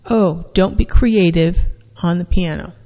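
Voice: medium pitch, unhurried, in a large hall, close to an everyday voice, rough recording. A therapist playing a resigned, hurt child. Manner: soft, resigned, self-talk. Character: hurt young child giving in to a parent.

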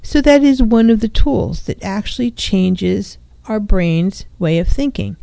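A woman's voice: mid-range voice, a little slow, vocal fry, warm tone, no room sound. A woman therapist hosting a radio talk show, speaking reflectively into a studio microphone. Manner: reflective, speaks in first person about feelings. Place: small studio. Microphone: studio microphone with headphones.

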